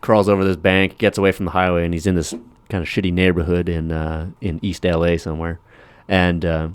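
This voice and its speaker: Low-voiced guy, podcast chat, bursts into voices when retelling scenes, dry sound. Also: fairly quick, clean tone, dry recording. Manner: animated storytelling, acting out film scenes in raised voices. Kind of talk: casual chat.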